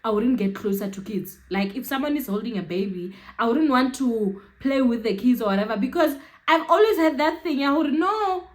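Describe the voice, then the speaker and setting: A woman's voice: on the high side, moderate pace, hardly any pauses. A young woman with a South African accent telling a personal story to her viewers. She chats, laughs often and keeps checking in with them. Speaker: YouTuber. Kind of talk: storytime vlog.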